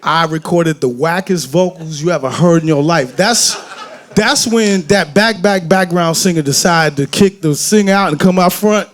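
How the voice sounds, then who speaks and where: A man from Detroit talking candidly on a festival stage, telling animated, profane, joking stories and acting out voices. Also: on the high side, moderate pace. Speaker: guest musician on stage. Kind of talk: candid onstage conversation. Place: festival main stage before an audience.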